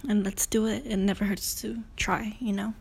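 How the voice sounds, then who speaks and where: A woman's voice: medium pitch, flat delivery, normal speed, creaky, breathy edge. A woman in her late teens hosting her own podcast, talking in a rambling, self-conscious way, swearing often and filling gaps with "you know" and "I don't know". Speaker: podcast host. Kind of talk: casual solo podcast talk.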